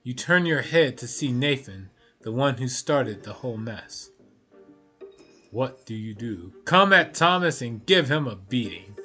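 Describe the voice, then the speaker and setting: A man's voice: medium pitch, lively intonation, unhurried, pushed and bright, soft background music. A man streaming a story game, reading the narration aloud with offhand asides.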